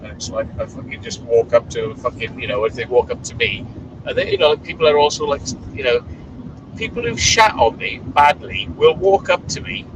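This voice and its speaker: A man's voice: on the high side, normal speed. A man chatting casually while driving, blunt and swearing as he tells stories. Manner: blunt, swearing, animated storytelling. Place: in a moving car. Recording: distant voice with clear background noise.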